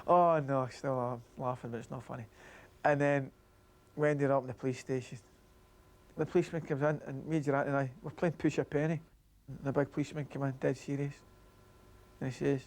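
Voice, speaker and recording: A man's voice: medium pitch, steady tone, a little fast, a little mellow. A Scottish man, a former footballer, telling anecdotes in an interview and acting out the voices of the people he quotes. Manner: chuckling storyteller, acts out quoted voices.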